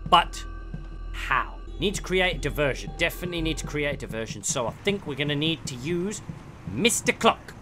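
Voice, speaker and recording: A young man giving excitable let's play commentary, muttering one moment and shouting or laughing the next. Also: fairly high pitch, a little fast, music in the background. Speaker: gaming YouTuber.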